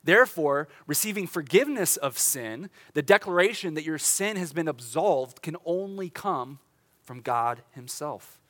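Young male pastor, slightly high voice, chatty sermon delivery with dramatic pauses. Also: animated, fairly bright tone. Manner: conversational, with laughs and dramatic slowdowns.

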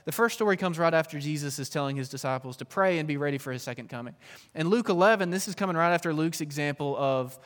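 Youth pastor, male, high voice, earnest and emphatic preaching, long church-hall reverb. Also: quick pace. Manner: earnest, emphatic preaching with rising and falling intensity. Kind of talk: sermon.

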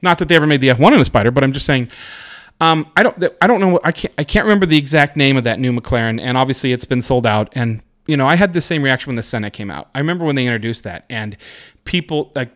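A man's voice: medium pitch, expressive, fast talker, a bit bright. A man co-hosting a podcast, chatting casually and enthusiastically about cars, rambling with restarts. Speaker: podcast co-host. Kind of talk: casual car chat. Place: Seattle area.

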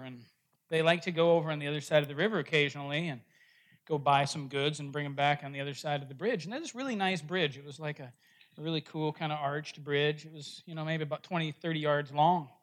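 A man's voice: a little high, a bit bright. A man preaching a sermon, playfully telling a joke to his congregation before turning to earnest teaching. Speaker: pastor.

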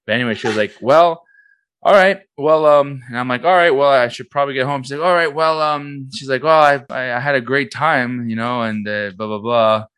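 A man's voice: medium pitch, brisk, fairly bright tone, clean tone, dry recording. A young man, co-hosting a podcast and telling a rambling story in casual chat, acting out what others said. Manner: rambling, acts out quoted voices. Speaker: podcast co-host.

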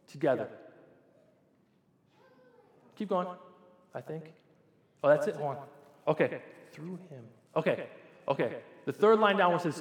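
A man in his forties, a pastor preaching a sermon in a church, talking conversationally and putting questions straight to the congregation. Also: fairly high pitch. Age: 40s. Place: church sanctuary. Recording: echoey church hall with long reverb.

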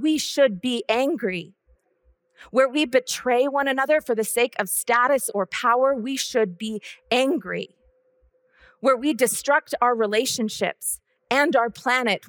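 A woman preaching a sermon with a measured, solemn, repetitive cadence. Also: fairly high pitch, fairly bright tone, dry recording, studio quality.

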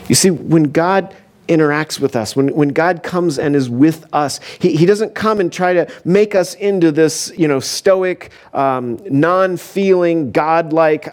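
A man preaching a conversational sermon as a pastor, telling the story casually with frequent asides and fillers. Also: a little high. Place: church.

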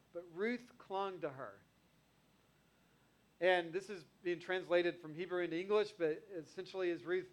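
A man preaching a sermon, reading scripture aloud and retelling it in earnest, conversational everyday language. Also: sits high. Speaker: pastor.

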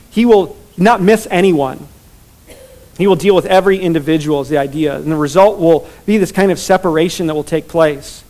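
A man preaching from the pulpit in an earnest, building sermon voice. His voice sits fairly high for a man, and he drives his points home with emphatic repetition. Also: a little mellow. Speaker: pastor.

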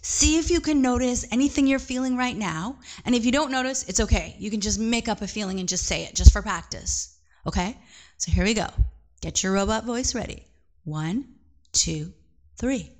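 A woman leading a children's mindfulness lesson from her living room, gentle and playful, sometimes dropping to a whisper. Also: a little high, moderate pace. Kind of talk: guided mindfulness lesson for kids.

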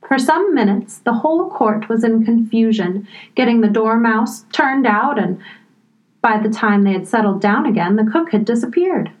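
A woman narrating a storybook in a measured, expressive reading. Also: on the high side, poor audio.

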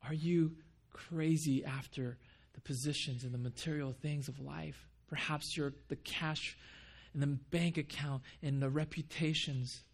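A man's voice: on the high side, steady tone, measured pace, hardly any pauses. A man preaching a sermon as pastor in a church, earnest, asking the congregation questions and repeating words for emphasis. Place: church building.

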